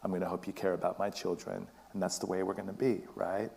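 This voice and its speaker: A man's voice: sits low, level tone, fast talker, vocal fry, darkish tone. A man with a British and West Indian accent giving a discursive public talk, restarting phrases and laughing often. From Britain. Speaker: guest speaker. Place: event stage before an audience.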